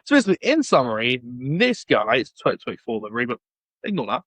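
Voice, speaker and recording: A man chatting about racing as a podcast co-host, with loose and joking delivery. His voice sits at an ordinary middle pitch. The sound is close and dry, with no room around it. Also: very animated, quick pace, fairly bright tone, no echo. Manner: joking, teasing banter. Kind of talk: casual motorsport chat.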